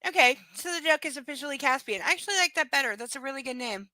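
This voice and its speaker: Her high voice is expressive and sharp, and she races along with no echo on the recording. She's a live-stream reader working through a romance novel, interrupting herself for chatty, sarcastic asides and casual swearing.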